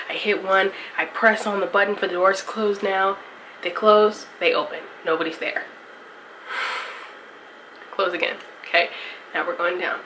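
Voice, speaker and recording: Chatty young woman vlogging, swearing. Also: lowish voice. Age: young adult. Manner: chatty, swears casually, storytelling recap. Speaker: college student vlogger. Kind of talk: casual vlog. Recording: vlog with clear ambient noise.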